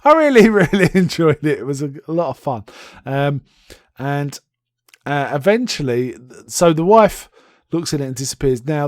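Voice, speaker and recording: A man's voice: medium pitch, dry recording, studio quality. A man hosting a podcast, casually retelling and reviewing a TV episode in an enthusiastic, rambling way with many restarts.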